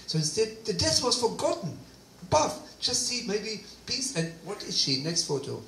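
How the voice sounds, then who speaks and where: Animated male speaker telling his testimony; gravelly voice, recorded from afar in a roomy hall with faint ambience. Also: sits high, normal speed, distant mic, slight background noise. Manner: animated storytelling with quoted dialogue. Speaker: guest speaker. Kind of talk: personal testimony talk.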